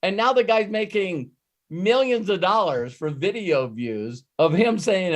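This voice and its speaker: Middle-aged male coach, lively anecdotal delivery, a touch high-pitched. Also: a little slow. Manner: animated storyteller who laughs and acts out quotes. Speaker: host and business coach. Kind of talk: live coaching call.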